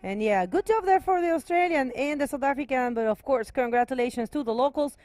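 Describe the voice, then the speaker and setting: A woman speaking English as a second language, co-commentating a live sports stream in a friendly, slightly halting way. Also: high voice, expressive, darkish tone, dry recording. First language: not English.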